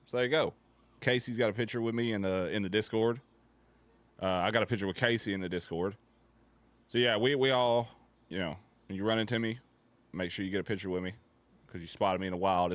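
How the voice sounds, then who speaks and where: Low-voiced joking man. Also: fast, no echo. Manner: profane, joking, laughs often. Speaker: streamer reacting to videos. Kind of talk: casual livestream commentary.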